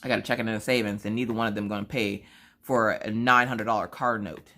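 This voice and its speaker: A woman vlogger telling a story in a chatty, slangy way, acting out the voices she quotes. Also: fast. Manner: animated, acts out quoted voices with big pitch jumps; casual slangy talk, addresses viewers as y'all.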